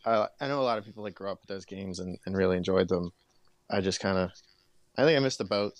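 A young man co-hosting a podcast in halting, hedging chat, often laughing softly. His voice sits low and sounds dry and close. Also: no echo. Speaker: podcast co-host. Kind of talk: casual chat.

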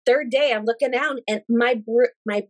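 A woman in her thirties telling a personal story in casual conversation, animated and emotional, acting out quoted dialogue and speaking in religious, thankful terms. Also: a little high, normal speed. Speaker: guest sharing a personal story.

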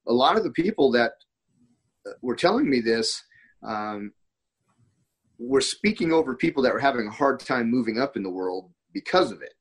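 A man's voice: mid-range voice, breathy edge, poor audio. An American man in casual conversation, telling rambling anecdotes full of quoted dialogue and restarts. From United States.

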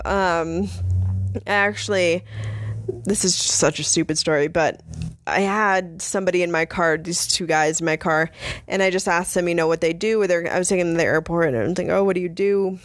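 A woman's voice: fairly low pitch, dry recording. A young woman hosting a podcast, casually telling rideshare stories in a blunt, sarcastic way and swearing freely. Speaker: podcast host and rideshare driver. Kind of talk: casual storytelling monologue.

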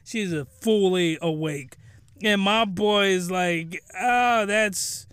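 A man giving a crude, rambling comedic recap of a show in an animated way. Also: high voice, slow, clear, resonant tone, no echo, clean studio sound.

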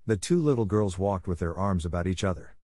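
A man reads a classic storybook in a steady, measured way, with a somewhat low voice. The sound is dry and close, with no room around it. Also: dry recording. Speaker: narrator. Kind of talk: storybook narration for learners.

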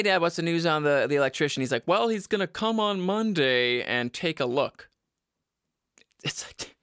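A man's voice: mid-range voice, sharp tone, no echo, clean studio sound. A young man hosting a podcast, talking in a casual, exasperated rant with swearing and frequent laughs. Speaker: podcast host. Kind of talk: casual ranting monologue. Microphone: headphones.

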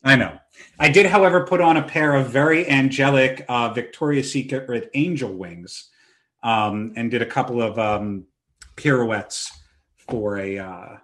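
A man's voice: mid-range voice, measured pace. A man in his thirties, a podcast host, telling self-mocking stories in a casual chat. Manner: animated, self-mocking storyteller.

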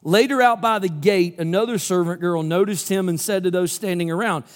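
A man's voice: high-pitched, a little fast, hardly any pauses. A man preaching a sermon as pastor, telling a story casually and acting out the quotes. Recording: hall reverb.

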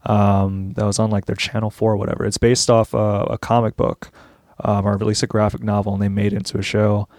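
A man's voice: lowish voice, little pitch movement, brisk, darkish tone, no room sound, clean studio sound. A man co-hosting a podcast, chatting casually in a laid-back, rambling way with lots of ums. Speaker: podcast co-host, comedian. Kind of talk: casual chat.

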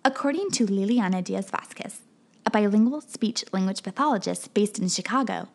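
A woman reporter giving scripted news narration in a clear, steady delivery. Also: medium pitch, normal speed.

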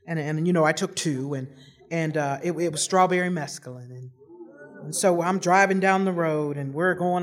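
A woman telling a humorous personal story, rambling with lots of fillers and restarts, poking fun at herself. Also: lowish voice. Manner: rambling, many fillers and restarts, self-mocking. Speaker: storyteller giving a personal testimony.

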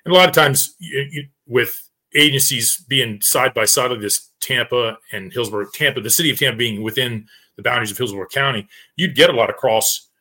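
A former police officer talking on a roundtable show, telling a story and slipping into the voices of the people in it. His voice is bright and forceful at a middle pitch. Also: a little fast. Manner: animated storytelling with acted-out quotes. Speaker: retired police officer panelist. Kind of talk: casual roundtable discussion.

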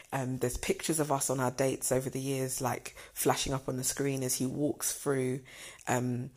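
Telling the story of how she got proposed to, a young woman speaks animatedly and casually with many fillers. Quoted lines come out in a squealing high voice as she acts them out.

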